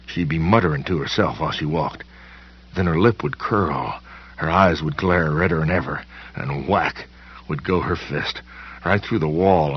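A man narrating a first-person horror audiobook in a slow, folksy way with plain country grammar, his voice husky. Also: rumbling low, highs cut off.

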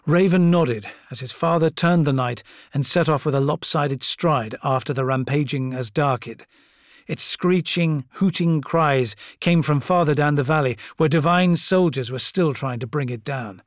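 A man reading a fantasy audiobook in a measured, dramatic storytelling voice. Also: fairly high pitch, dry recording, clean studio sound. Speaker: audiobook narrator. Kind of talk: scripted narration.

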